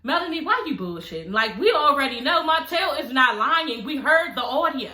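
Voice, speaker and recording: Sassy, profane woman with a bright voice. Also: high voice, big pitch swings, normal speed, reverberant. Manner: sassy, blunt and profane, laughing often. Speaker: reality TV recap vlogger. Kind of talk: casual chat.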